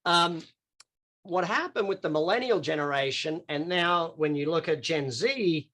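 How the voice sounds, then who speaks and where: A man's voice: fairly high pitch, unhurried, bright, forceful tone. A middle-aged Australian man in a chatty, off-the-cuff live online coaching session, answering questions over a video call. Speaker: business coach.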